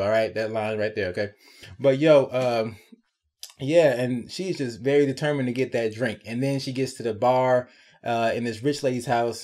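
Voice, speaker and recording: Man, mid-range voice, casual TV episode review, chatty, animated, sarcastic asides. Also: medium pitch.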